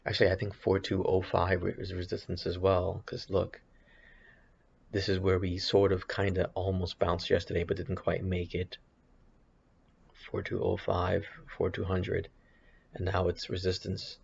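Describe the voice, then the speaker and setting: A man's voice: sits low, monotone, measured pace, gravelly, darkish tone, highs cut off, a little hiss or hum. A man thinking aloud while commenting on his trading charts, hesitant and rambling with frequent restarts. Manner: hesitant, rambling, many restarts and self-corrections. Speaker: options trader streaming his chart analysis.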